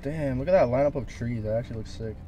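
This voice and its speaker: A young man co-hosting a vlog, loud and slangy, hyping up his friends. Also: medium pitch, fast talker, muffled recording. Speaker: vlog co-host.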